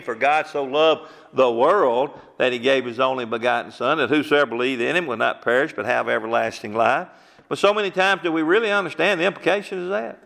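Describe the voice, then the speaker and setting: A middle-aged preacher delivering an emphatic sermon full of rhetorical questions. His gravelly, bright voice sits a little high. It rings through a long hall reverb.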